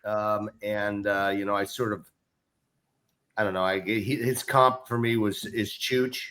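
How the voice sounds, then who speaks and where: A man's voice: on the low side, little pitch movement, unhurried, pushed and bright. A man co-hosting a casual sports podcast, talking enthusiastically with frequent restarts. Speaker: co-host.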